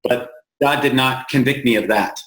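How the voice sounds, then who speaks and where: A man's voice: mid-range voice, a bit bright. Earnest man telling war stories, roomy sound. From United States. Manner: plain-spoken, halting restarts, slows for emphasis. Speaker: founder of an aid group, interview guest. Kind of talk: earnest storytelling in an interview. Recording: roomy echo.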